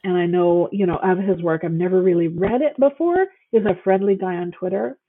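Heard on a phone call with a tinny sound, a female guest author gushes in casual, enthusiastic chat full of fillers. She speaks fairly quickly in a lowish voice.

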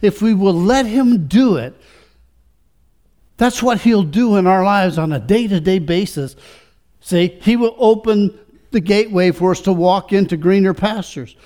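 A male pastor preaching a sermon, using many rhetorical questions and swinging between quiet reflection and rising fervor. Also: high voice, measured pace.

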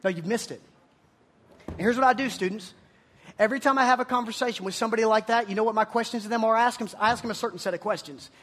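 A man preaching to students in a lively, joking way, and he often slips into mocking voices to imitate his listeners. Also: high-pitched, racing. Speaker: youth pastor. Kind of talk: energetic youth sermon. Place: room with a live audience of students.

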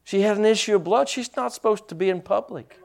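A middle-aged man preaching a sermon, lively with teasing humor and asides. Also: sits high, fast talker, gravelly. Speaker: pastor.

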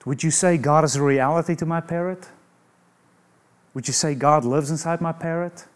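A man's voice: fairly high pitch, fairly even intonation, normal speed. A man preaching a sermon in an emphatic way, asking rhetorical questions and adding humorous asides.

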